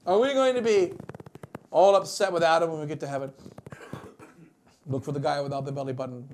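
A bishop preaching a wedding sermon, swinging between loud emphatic lines and quiet asides. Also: male voice, a little high, fairly quick, pauses often, a little hiss or hum.

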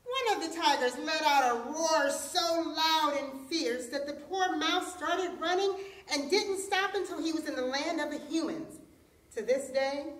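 A woman telling a folktale aloud as storyteller, expressive in delivery. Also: high-pitched. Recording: roomy echo, distant mic.

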